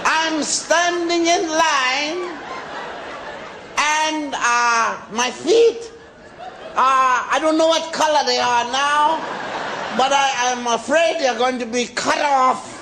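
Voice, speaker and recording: An American comedian in his forties spins a stretched-out story on stage and shouts his punchlines. His voice sits unusually high, and he takes his time with every phrase. Loud laughter and room noise from the crowd fill the recording. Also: slow. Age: 40s. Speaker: stand-up comedian. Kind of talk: stand-up storytelling. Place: comedy stage before a live audience. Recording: live stand-up with loud audience laughter and noise.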